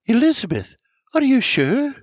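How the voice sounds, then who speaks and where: Guy doing a high worried mum, insistent, kinda loud, dry dull sound. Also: very animated, a little slow, no room sound, heavily acted. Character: worried Irish mother, middle-aged woman. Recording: dry, slightly muffled recording.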